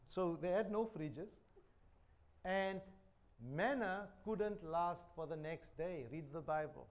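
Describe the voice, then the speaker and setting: A man preaching a sermon, joking and chatty, repeating phrases. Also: sits high. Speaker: pastor. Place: church.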